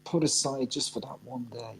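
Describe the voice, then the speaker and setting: A woman's voice: very deep voice, normal speed, slight background noise, low-quality recording. A woman hosting a chat show, talking casually with enthusiastic, effusive praise. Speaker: host.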